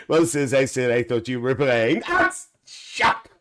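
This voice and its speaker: A man's voice: medium pitch, big pitch swings, slow, fairly bright tone. A man playing a cheeky, gossipy Northern Irish aunty with a Northern Irish accent, hosting a live stream in chatty, bawdy banter full of cackles.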